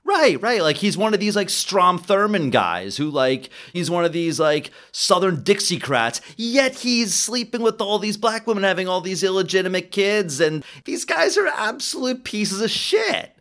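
Man, casual film talk, lively sweeping pitch, acts out quotes. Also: moderate pace, hardly any pauses.

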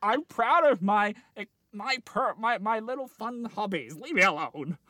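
Rambling, animated man telling a story. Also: sits high, a little slow, no room sound, clean studio sound. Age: late 20s. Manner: rambling, animated, laughing, many restarts. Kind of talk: casual chat, dream storytelling.

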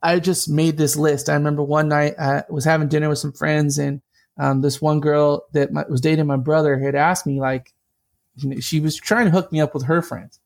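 A man telling a personal story in a casual conversation, animated and chatty, with lots of asides. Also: on the high side, moderate pace, gravelly.

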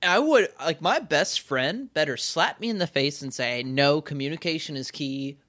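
A man's voice: a little high, expressive, moderate pace, a bit bright. A man in his twenties talking through a casual chat, rambling with many restarts and acting out quoted voices.

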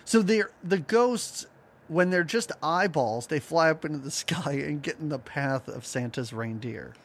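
A man's voice: a little high, unhurried. A man co-hosting a podcast in casual chat, laughing often and acting out scenes as he recaps a cartoon. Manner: animated, laughs often, acts out lines from the cartoon. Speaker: podcast co-host.

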